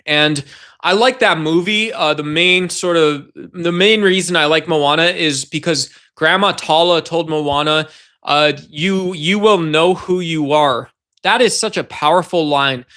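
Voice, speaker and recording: A man with a high voice hosts a loose livestream. He rambles and speaks straight to the viewers in his chat, as if they were sitting with him. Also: measured pace, bright, forceful tone. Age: adult. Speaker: livestream host. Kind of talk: casual livestream talk to chat.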